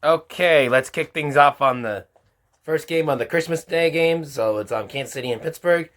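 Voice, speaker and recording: A man with a bright, sharp-edged voice runs through his weekly football picks. His delivery is informal and halting. He sounds like a regular host of his own show. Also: fairly high pitch. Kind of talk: casual football picks commentary.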